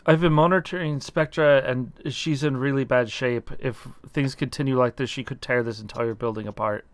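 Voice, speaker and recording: A man voicing an earnest, worried Irish woman doctor in a tabletop game, speaking a little haltingly. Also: medium pitch, fairly even intonation, clean tone, no echo, lightly acted.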